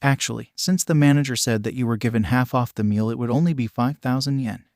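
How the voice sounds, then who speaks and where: Man doing a quick, helpful waiter, dry. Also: medium pitch, a little mellow, dry recording, natural voice. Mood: polite. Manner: brisk, helpful. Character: adult man, brisk polite waiter.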